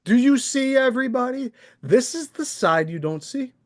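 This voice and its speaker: A man's voice: extremely high pitch, animated, normal speed, a little mellow. A man hosting a live stream, airing his grievances in a sarcastic, aggrieved rant. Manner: aggrieved, sarcastic, mocking impressions.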